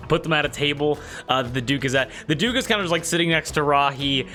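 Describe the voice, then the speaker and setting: Bright-voiced male game master. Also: on the high side, quick pace, faint music behind. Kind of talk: narrating a tabletop game.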